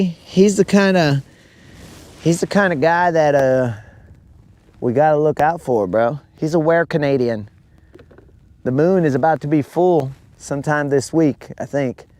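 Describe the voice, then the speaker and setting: A man's voice: on the high side, measured pace, a little mellow. A man hosting a fishing livestream from a boat, joking around in a rambling, goofy way and calling everyone bro. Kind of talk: casual joking chat. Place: on a boat on a lake, outdoors.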